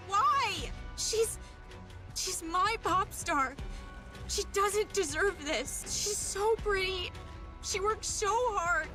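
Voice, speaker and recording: A woman voicing a young woman who shouts at a crowd to protect her pop star friend, then breaks down sobbing. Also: very high-pitched, exaggerated voice.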